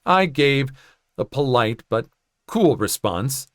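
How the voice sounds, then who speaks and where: A man's voice: mid-range voice, very animated, unhurried, fairly bright tone, dry recording, clean studio sound. A man narrating a first-person story in a conversational way, with joking asides.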